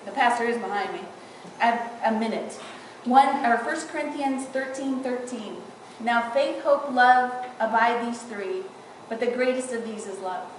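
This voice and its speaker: An adult granddaughter eulogizes her grandmother in a large church, sharing funny and loving memories between tears and laughs. Her voice is on the high side, at normal speed with few pauses. The echoey recording is taken from a distance and has a slight hiss or hum.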